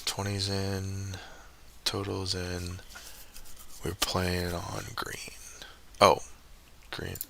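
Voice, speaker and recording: Deep gravelly guy streaming, slow muttery talk, kinda grumbly to himself. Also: bright, forceful tone, a little hiss or hum. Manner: muttering, frustrated, talks to himself. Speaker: live streamer. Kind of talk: casual live-stream commentary while playing.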